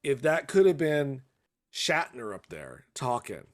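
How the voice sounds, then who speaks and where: A man's voice: medium pitch, very animated, unhurried. A man co-hosting a podcast in casual chat, rambling with many restarts and fillers and swearing casually. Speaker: podcast co-host.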